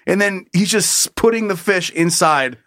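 A man's voice: high-pitched, measured pace, a bit bright, no echo, clean studio sound. A man co-hosting a podcast in crude, joking chat, loose and profane, who keeps slipping into mocking voices. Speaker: podcast co-host.

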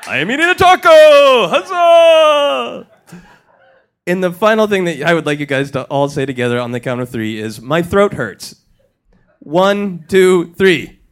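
A man's voice: high-pitched, a bit bright. A man hosting a live comedy podcast on stage, playfully joking and laughing with the audience. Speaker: live comedy show host.

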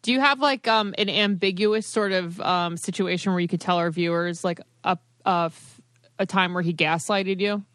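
A woman's voice: lowish voice, normal speed, fairly bright tone, dry recording, studio quality. A young woman co-hosting a podcast, asking and musing in loose, hesitant phrases full of fillers. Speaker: podcast co-host. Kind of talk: casual chat.

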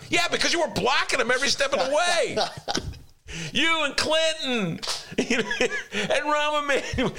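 A man's voice: on the high side, pushed and bright. A man hosting a podcast as a columnist, talking casually with a fired-up, sarcastic ranting manner.

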